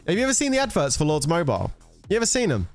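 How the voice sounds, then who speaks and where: A man's voice: fairly high pitch, wildly swooping pitch, racing, soft background music. A man chatting casually with viewers on a gaming livestream, teasing and bantering with some swearing. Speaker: gaming streamer.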